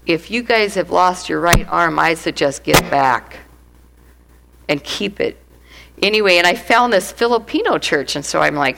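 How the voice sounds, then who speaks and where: A middle-aged woman giving a lively church testimony, laughing often and acting out the voices of people in her story. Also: lowish voice, moderate pace, creaky, background noise. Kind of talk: testimony sermon.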